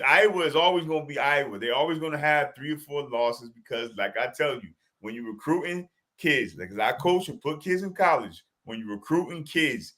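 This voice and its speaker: A man's voice: a little high, sharp tone. A man with a Boston accent talking sports on a casual podcast, profane and emphatic, often laughing as he tells it. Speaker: podcast co-host.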